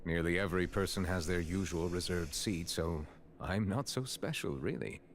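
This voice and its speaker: A man voicing a calm, formal chief judge who speaks politely and in measured tones, in a game. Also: low voice, slight background noise, lightly acted. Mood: courteous.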